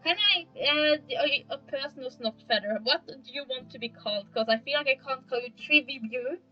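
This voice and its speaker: A woman's voice: high voice, brisk, lo-fi sound. A young woman from Germany with a German accent, chatting casually and rambling to her chat while she plays. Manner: rambling, self-mocking, talks to chat. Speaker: streamer. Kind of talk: casual live-stream chat while gaming. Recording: streaming mic with faint game music behind.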